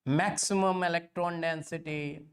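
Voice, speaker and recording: A man's voice: a little high, steady tone, measured pace. A man teaching an online exam-prep lecture. He repeats points again and again and keeps calling his students kids.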